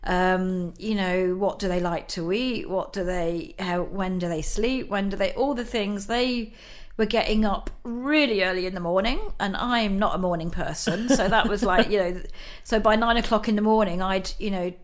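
A woman's voice: mid-range voice, normal speed, hardly any pauses. A middle-aged woman, a guest in an interview, telling a personal story in a chatty way, laughing often and using many fillers.

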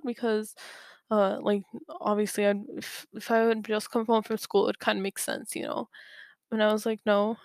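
A woman's voice: medium pitch, level tone, normal speed, dry recording. A young woman vlogging in a casual, rambling way, often laughing and correcting herself. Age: young adult. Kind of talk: casual storytelling to camera. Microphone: own mic, bumped at times.

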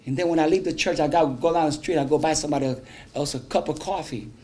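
A man's voice: on the high side, quick pace, dark tone, faint music behind. A male pastor preaching a fervent sermon, trading call-and-response with his congregation and breaking into speaking in tongues.

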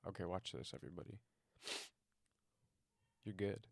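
Deadpan low-voiced young man. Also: normal speed, creaky, no room sound. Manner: dry, deadpan humor with crude asides. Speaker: podcast co-host. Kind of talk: casual podcast banter. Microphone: close podcast mic.

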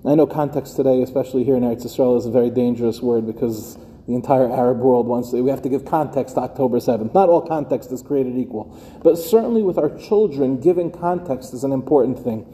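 A man's voice: medium pitch, fast, mellow, long reverb tail. A middle-aged man, a rabbi teaching a class of educators, who talks conversationally and keeps asking his listeners rhetorical questions. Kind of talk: lecture to a live class.

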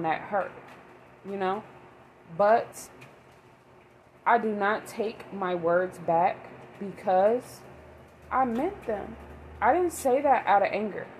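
Rambling mom vlogger, emphatic. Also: female voice, mid-range voice, a little hiss or hum, poor audio. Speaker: mother vlogger. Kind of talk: casual monologue.

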